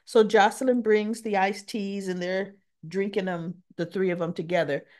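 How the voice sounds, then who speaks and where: A woman's voice: medium pitch, fairly even intonation, moderate pace, a little mellow. A woman vlogger casually retelling a TV episode, chatty and talking to herself as she searches her files. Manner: chatty, talks to herself while looking for files. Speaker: soap opera recap vlogger.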